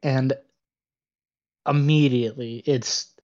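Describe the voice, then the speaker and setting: Young dude telling a bar story on a podcast, swears a lot, kinda dull lo-fi audio. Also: male voice, mid-range voice, fairly even intonation, slow, a little mellow. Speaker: podcast co-host. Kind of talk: casual chat.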